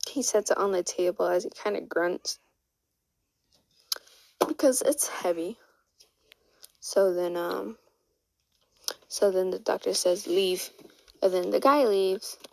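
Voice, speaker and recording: Rambling woman with a gravelly voice. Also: mid-range voice, slow, pauses often, darkish tone, no echo, rough recording. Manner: rambling, many fillers. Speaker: storyteller. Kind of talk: casual fan-story retelling.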